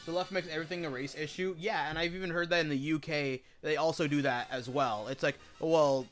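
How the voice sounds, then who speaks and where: A man with a high-pitched voice rants during a gaming stream. He talks casually, packs his speech with fillers, and swears as he gets heated. Faint music plays behind him. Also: fairly even intonation, a little fast, a bit bright. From United States. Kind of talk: casual rant while gaming.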